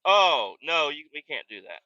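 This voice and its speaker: A man putting on a confused woman working a fast-food counter. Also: fairly high pitch, very animated, bright, forceful tone, no echo, lo-fi sound.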